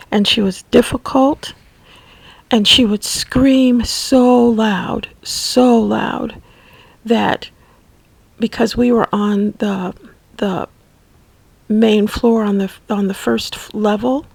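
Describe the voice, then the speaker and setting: A woman recounts her memories slowly and haltingly, often dropping to a near whisper. Her voice is gravelly and a little husky, and sits somewhat high. The recording is close and dry. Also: steady tone, no room sound, low-quality recording. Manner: slow, halting, soft-spoken. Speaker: memoir narrator. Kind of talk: personal storytelling.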